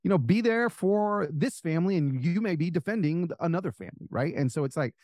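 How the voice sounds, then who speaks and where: A man with a slightly raised, lively voice shares stories as a guest author. He rambles with fillers and acts out the voices of the people in his stories. The sound is close and dry, with no room around it. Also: on the high side, brisk, dry recording. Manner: animated, acts out quoted voices, many fillers. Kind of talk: casual storytelling interview.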